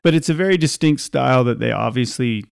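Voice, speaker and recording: A man's voice: mid-range voice, fast talker, creaky, clean tone, no echo, clean studio sound. A man hosting a podcast, casually and animatedly retelling film scenes with frequent laughs. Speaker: podcast host. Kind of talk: casual chat.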